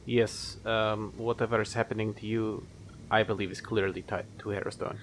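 A man voicing a calm, grave male adventurer who explains things in a measured way. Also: fairly low pitch, a little hiss or hum, lightly acted.

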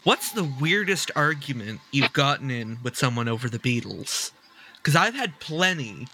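A man hosting a casual podcast chat, joking and asking questions in a relaxed way. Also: mid-range voice, moderate pace, a little hiss or hum. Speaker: podcast host.

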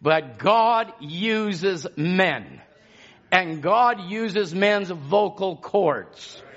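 Male preacher, high voice, slow deliberate delivery, impassioned sermon, dull lo-fi recording. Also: expressive, fairly bright tone. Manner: impassioned preaching, rising and falling in intensity.

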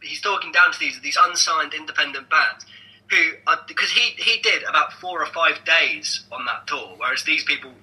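A young man co-hosting a podcast, talking casually and rambling with lots of restarts and animated asides. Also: on the high side, normal speed, poor audio. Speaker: podcast co-host.

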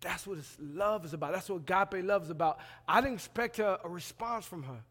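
Guy preaching in a church, voice pitched up high, loud then hushed, big echo hanging in the hall. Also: fairly quick, slightly rough. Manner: swings between loud emphatic preaching and quiet low asides; colloquial, plays out dialogue in voices. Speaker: pastoral resident. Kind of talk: sermon. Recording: long hall reverb.

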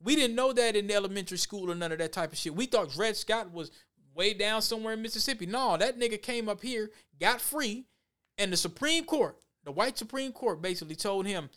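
Male host, high and resonant, blunt, animated storyteller. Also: brisk. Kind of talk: casual talk show chat.

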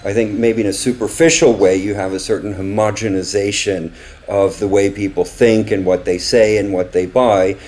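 Man, American accent, low-ish voice, measured, reflective, interview guest. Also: flat delivery, darkish tone. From United States, raised in Paris from age twelve. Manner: measured, reflective explanations with some filler ums. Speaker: guest, marketing company chief executive. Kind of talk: conversational interview.

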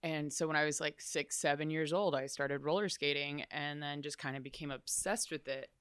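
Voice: medium pitch, steady tone, moderate pace, fairly bright tone, smooth, no echo, clean studio sound. A guest from Chicago telling stories in a casual interview, rambling with lots of "like" asides. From Chicago, USA. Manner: chatty, rambling, full of "like" asides.

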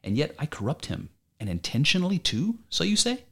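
A man's voice: a little high, wildly swooping pitch, a little fast, gravelly, fairly bright tone, husky, voice pushed up, heavily acted. A man reading the part of an aging male philosopher defending himself in court, pressing his accuser with pointed rhetorical questions in an amateur dramatic reading. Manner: argumentative, probing rhetorical questions.

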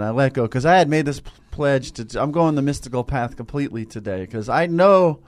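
A man's voice: medium pitch, expressive. A man who works as a teacher, telling a story in a casual spiritual chat with many restarts and hesitations. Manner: rambling, halting storytelling.

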